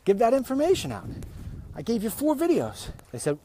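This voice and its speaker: A man's voice: on the high side, wildly swooping pitch, fast talker, mellow, slightly rough. A man hosting a casual walk-and-talk vlog, rambling, often restarting and repeating his words as he goes. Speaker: vlog host. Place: walking outdoors.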